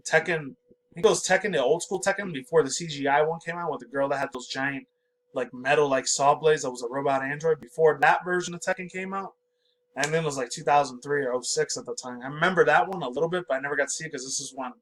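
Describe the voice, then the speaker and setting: A man in his twenties reads an article aloud, stumbling over words and breaking off into excitable, profane commentary. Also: on the high side, fast talker, a little hiss or hum, rough recording. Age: 20s. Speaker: pop culture vlogger.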